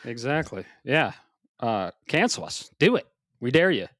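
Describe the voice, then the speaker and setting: A man hosting a casual video game podcast, a little out of breath, talking in an animated, swearing, self-mocking way. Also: mid-range voice, measured pace, dry recording, studio quality. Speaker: podcast host. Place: home office upstairs.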